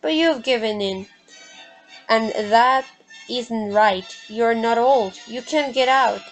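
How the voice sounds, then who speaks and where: A woman voicing an anxious, indignant woman, reading her lines slowly from a play script. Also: a little high, soft background music, rough recording.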